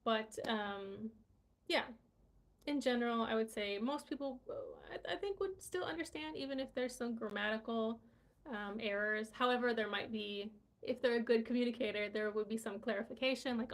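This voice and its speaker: A woman's voice: on the high side, normal speed. A woman hosting a casual live-stream English lesson, chatty, full of fillers and "right?" checks. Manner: chatty, many fillers and tag questions.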